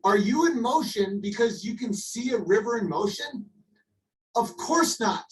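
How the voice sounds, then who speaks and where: A man's voice: sits high, animated, a little slow, far from the mic, poor audio. A tipsy young man ranting heatedly on a livestream, combative and profane, sounding exasperated. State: tipsy after a few drinks. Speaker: livestream host.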